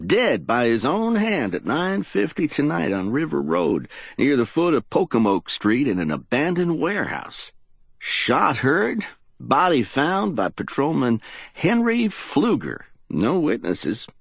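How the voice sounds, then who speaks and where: World-weary male reporter played by a man, cocky drawl, raised voice, gravelly edge. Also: medium pitch, no echo, pitched above the performer's own voice, exaggerated voice.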